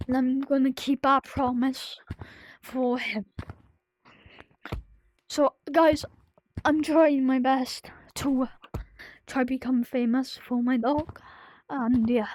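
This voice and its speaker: A woman talking to her viewers in a personal vlog, grieving and close to tears, in a sad voice that halts, restarts and slips into soft whispers. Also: sits high, dry recording, low-quality recording. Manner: halting, full of restarts and fillers, drifting into soft whispers. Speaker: vlogger.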